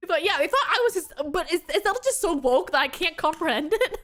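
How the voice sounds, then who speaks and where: A young American woman with a high, bright voice tells chatty travel stories on her stream. She giggles often and acts out the people she met. Soft music plays faintly behind her. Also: fairly quick. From United States. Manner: giggly, animated storytelling with quoted voices. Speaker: VTuber streamer. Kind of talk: casual chat.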